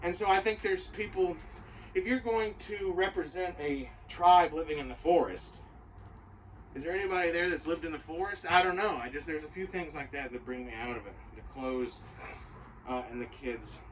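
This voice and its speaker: A man's voice: fairly high pitch, normal speed, recorded from a distance, slight background noise, low-quality recording. A man giving a casual, rambling and profane spoken review of a show, full of opinions.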